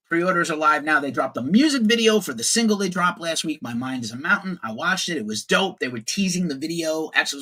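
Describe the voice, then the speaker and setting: A man's voice: on the high side, a bit bright. A man in his forties hosting a casual livestream news show, opinionated and profane, greeting viewers in the chat.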